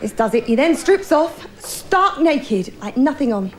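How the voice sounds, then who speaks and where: A woman's voice: high-pitched, very animated, a little slow, a little hiss or hum. A middle-aged woman performing a stand-up comedy routine, telling bawdy stories in a chatty way and talking straight to the crowd.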